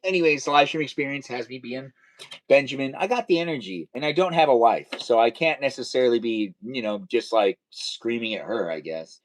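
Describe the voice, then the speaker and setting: A young man chatting casually on a live stream, rambling playfully from topic to topic and now and then breaking into high squealing calls. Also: animated, fairly quick. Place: home studio near a garage.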